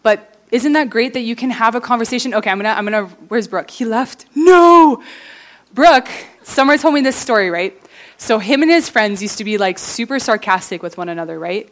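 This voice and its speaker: A woman's voice: on the high side, fast talker. A young woman giving a casual, earnest youth sermon, full of fillers like "like" and "you know", ending in prayer. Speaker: youth speaker.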